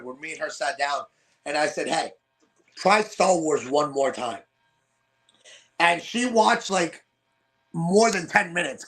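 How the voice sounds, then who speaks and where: A middle-aged man, a wrestler, telling lively stories in an interview and laughing as he acts out what others said. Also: on the high side. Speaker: wrestler in a father-daughter tag team. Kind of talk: animated storytelling in an interview.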